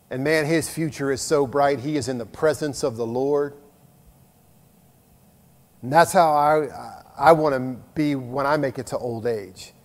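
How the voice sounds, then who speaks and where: A middle-aged man preaching a sermon as a pastor, earnest and conversational, moving between loud emphasis and hushed asides. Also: mid-range voice. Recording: long reverb of a large hall.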